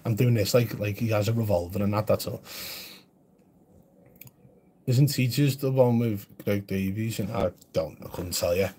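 A man's voice: fairly low pitch, normal speed, long pauses, dark tone, breathy edge. A man chatting casually on a live stream, answering viewer comments in a blunt, chatty way.

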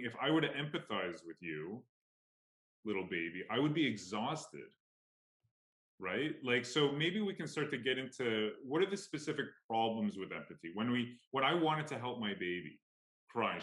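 A man's voice: lowish voice, a bit bright, reverberant, low-quality recording. A man interviewing a guest at a conference, speaking hesitantly with many restarts.

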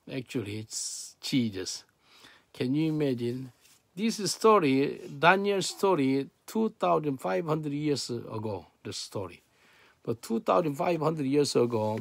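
A male pastor preaching a sermon dramatically, swinging from hushed to loud and asking many rhetorical questions. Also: fairly high pitch, gravelly, dry recording.

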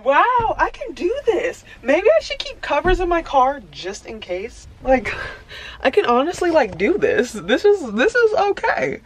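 A woman's voice: high voice, wildly swooping pitch, unhurried, slight background noise. A woman in her early twenties chatting casually to her viewers, rambling with lots of fillers while filming herself on a phone inside a parked car. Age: early 20s. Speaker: vlogger. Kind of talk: casual vlog chat.

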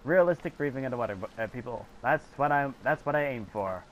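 A young woman commenting on a video game, giggly and excitable, reading in-game text aloud. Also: a bass voice, fast talker, slight background noise. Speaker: game streamer. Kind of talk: casual gameplay commentary.

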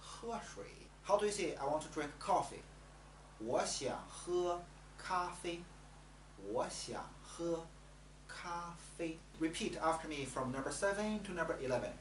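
Chinese tutor, pronunciation lesson, slow, repeats sounds, roomy echo. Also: medium pitch, expressive. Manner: slow, repeats each sound for learners to copy. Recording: echoey room with faint hum.

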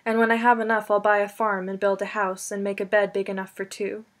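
A woman's voice: mid-range voice, flat delivery, fairly quick, close to an everyday voice. Earnest young farm boy, voiced by a woman, short blunt lines.

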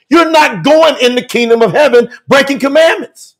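High, gravelly fiery preacher man. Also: animated, a little fast, hardly any pauses. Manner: emphatic, repetitive, swings from shouting to hushed. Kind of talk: fiery telethon sermon.

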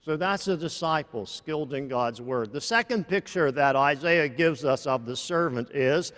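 Slow-spoken preacher in a reverberant church. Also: male voice, a little high, a bit bright. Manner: slow, deliberate, with many restarts. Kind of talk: sermon. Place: large church.

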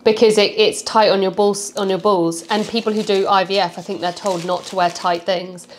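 A woman's voice: medium pitch, fairly even intonation, moderate pace. Young woman chatting over food, casual and laughy, bit of background hiss. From United Kingdom. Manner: chatty, laughing, talking while eating. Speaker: YouTube host. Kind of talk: casual chat while eating.

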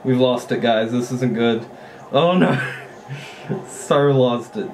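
A man giving casual, excitable commentary while playing a mobile strategy game, often swearing and laughing at his own play. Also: mid-range voice, slow, slight background noise.

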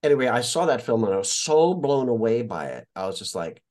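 A man's voice: mid-range voice, very animated, a little fast, darkish tone. A man from Indiana, an actor and guest, telling stories casually in an interview, swearing freely and acting out the voices of people he quotes.

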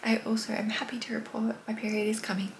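A woman's voice: fairly high pitch, level tone, fast, vocal fry, a little hiss or hum. A young Australian woman with a slight lisp, vlogging casually, frank and swearing freely, sometimes dropping to a whisper. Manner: chatty, frank and swears freely, often drops to a hushed whisper. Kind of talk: casual vlog to camera.

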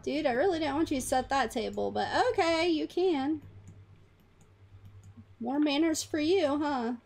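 A woman's voice: sits high, vocal fry, a little mellow. A woman giving casual commentary over a life-simulation game, chatty and narrating her moves. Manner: chatty, voices her characters in quick asides. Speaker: gaming channel host.

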